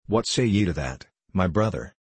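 A man reading the part of an earnest, resentful young nobleman in a storybook, with a deep, husky voice. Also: lively intonation, normal speed, darkish tone, dry recording. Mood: indignant. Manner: earnest, indignant.

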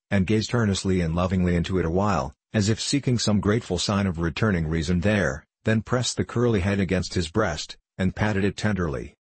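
A man reads an audiobook in a measured, steady storytelling style. His voice is deep and husky. The recording is dry and close. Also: no echo, poor audio. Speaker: narrator. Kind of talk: audiobook narration.

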